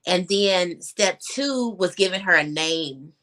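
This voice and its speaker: On a video call, a young woman guest shares her personal story with candor, leaning heavily on fillers and sometimes getting choked up. Her voice is medium-pitched, unhurried and fairly bright.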